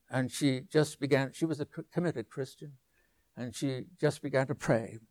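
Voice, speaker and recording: An older man preaching a sermon, telling a story with asides and restarts, sometimes dropping to a soft low voice. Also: normal speed, dry recording. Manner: anecdotal, with asides and restarts, drops to a soft low voice on quiet lines.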